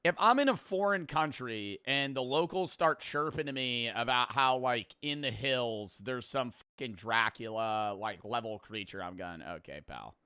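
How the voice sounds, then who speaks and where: A man's voice: medium pitch, unhurried, hardly any pauses, sharp tone, smooth, no echo, clean studio sound. A young man, riffing loosely and profanely as he reacts to a video on stream. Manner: loose, profane, joking, talks over the video. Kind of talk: casual reaction commentary.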